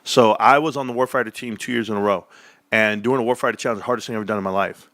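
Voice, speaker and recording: A man hosting a casual livestream chat from his home desk, animated, swearing and laughing often. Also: on the low side, racing. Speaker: livestream host.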